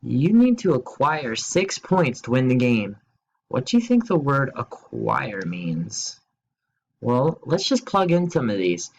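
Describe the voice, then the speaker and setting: A man teaching a recorded remote grammar lesson at his computer, explaining slowly and spelling words out, with playful quiz questions and jokes. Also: mid-range voice, sing-song, vocal fry, low-quality recording.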